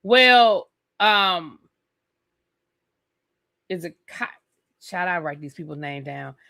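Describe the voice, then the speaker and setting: A woman's voice: on the low side, animated, takes it slowly, vocal fry, sharp tone. A woman hosting a live stream who reviews a TV episode in an opinionated, sassy rant and talks straight to her viewers.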